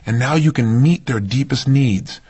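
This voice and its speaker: Husky-voiced man giving a motivational talk. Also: medium pitch, moderate pace, mellow. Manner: emphatic, rhetorical questions to the audience. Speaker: motivational speaker.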